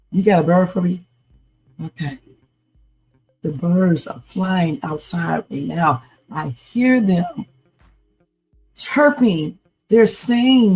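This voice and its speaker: Taking it slowly with long pauses, a woman with a low, darkish, breathy voice winds down her late-night livestream. Tired and playful, she jokes and rambles casually. Faint music plays behind her, and the audio is poor.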